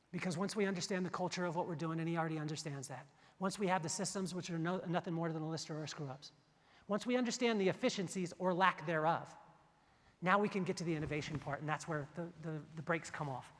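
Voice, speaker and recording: A man giving a motivational keynote speech, telling stories in an animated way and acting out the dialogue. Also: on the high side, fast talker, in a large hall. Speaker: keynote speaker. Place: large event hall.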